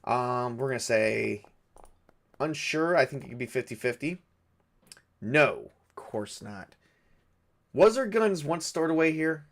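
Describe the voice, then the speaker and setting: A man's voice: mid-range voice, lively intonation, measured pace, gravelly, long pauses. Man thinking aloud over a solo game. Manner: thinking aloud, hesitant, filler-heavy. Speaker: game master and solo player. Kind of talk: narrating a solo tabletop game.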